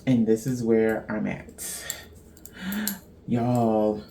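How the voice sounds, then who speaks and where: A woman's voice: a bass voice, unhurried, darkish tone. A middle-aged woman from Central Texas, chatting casually as host of a knitting show, rambling and laughing at herself.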